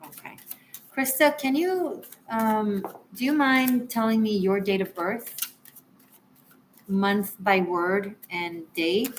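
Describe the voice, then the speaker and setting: A woman's voice: medium pitch, takes it slowly, a little hiss or hum. A woman tarot reader on a live stream, chatting with viewers and apologizing as she gives readings.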